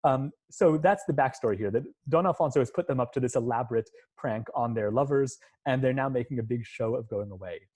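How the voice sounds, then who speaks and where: A man's voice: medium pitch, fairly quick, few pauses, a little mellow. A man, a music professor, giving an online lecture and explaining scenes step by step, at times humming the musical lines. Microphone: computer mic on a video call.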